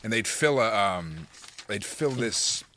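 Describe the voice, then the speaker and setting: Male radio co-host, casual banter, short asides, bright tone. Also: fairly low pitch, expressive, slow. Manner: brief asides and quips. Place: radio studio.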